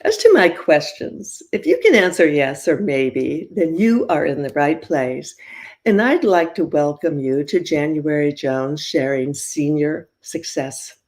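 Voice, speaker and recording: A woman's voice: low voice, very animated, a little slow, darkish tone. Older woman, podcast host, bubbly and giggly, chatty interviewer. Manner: bubbly, laughs often.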